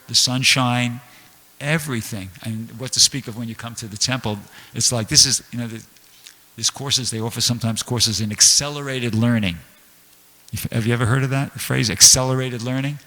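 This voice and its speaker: Bright-voiced man teaching in a hall. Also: medium pitch. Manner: conversational, earnest, reads and explains quotes. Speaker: temple class speaker. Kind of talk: scripture class talk. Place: temple hall. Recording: reverberant hall.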